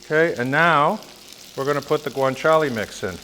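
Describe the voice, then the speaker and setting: A man cooking and demonstrating a recipe as a chef, chatting with jokes and lively asides. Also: a little high, normal speed. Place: kitchen, cooking at the stove. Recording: sizzle and kitchen noise. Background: sizzling pan.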